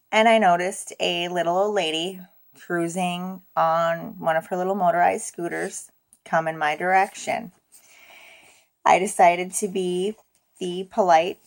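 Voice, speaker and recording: A young woman telling a storytime vlog in a casual, profane, self-mocking way. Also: fairly low pitch. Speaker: vlogger.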